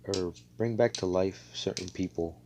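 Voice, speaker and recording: A man's voice: deep voice, unhurried, background noise. A man casually telling an improvised fan story over a voice call, rambling and profane, full of fillers and self-corrections. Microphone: computer mic on a voice call.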